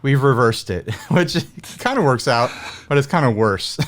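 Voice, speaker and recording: A man's voice: mid-range voice, big pitch swings, measured pace. An American man chatting casually as a guest, joking and laughing often as he talks. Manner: jokey, laughs often, rambling. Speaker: guest guitar video maker. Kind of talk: casual chat.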